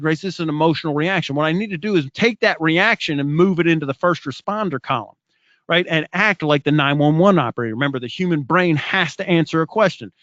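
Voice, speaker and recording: Man with a high voice, giving an animated motivational talk. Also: no echo, muffled recording. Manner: rhetorical questions, animated. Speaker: speaker.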